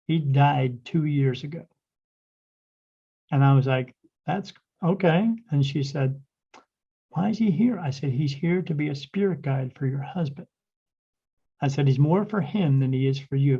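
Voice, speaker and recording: A man's voice: medium pitch, mellow, husky. A man, a spirit medium guest on a podcast, telling a rambling story in casual talk, acting out quoted dialogue with many restarts. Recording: dull, lo-fi podcast audio.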